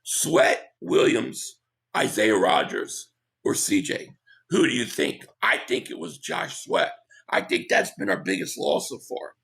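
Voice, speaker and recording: A man hosting a casual live stream, hoarse from losing his voice, who reads out viewer comments and gives blunt opinions. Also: mid-range voice, wildly swooping pitch, a bit bright. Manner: opinionated, quick agreement with viewers.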